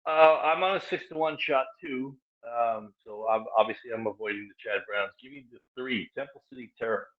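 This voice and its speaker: A man's voice: medium pitch, a little fast, hardly any pauses. A man on a racing panel giving his pick in a confident, blunt way. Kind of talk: horse racing handicapping talk. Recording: tinny phone-like line.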